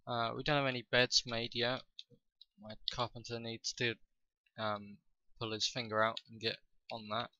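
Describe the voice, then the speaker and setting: A man giving casual commentary over his own gameplay, thinking aloud with frequent fillers and pauses. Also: mid-range voice, level tone, sharp tone, highs cut off, a little hiss or hum. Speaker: gaming video host.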